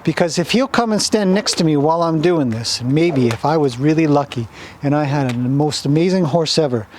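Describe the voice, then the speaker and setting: A man in an outdoor horse pen, talking through his training in a gentle, easygoing way. His voice sits a little high. He is soothing and self-deprecating, with faint outdoor sounds behind him. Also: slight background noise. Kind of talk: instructional commentary while training.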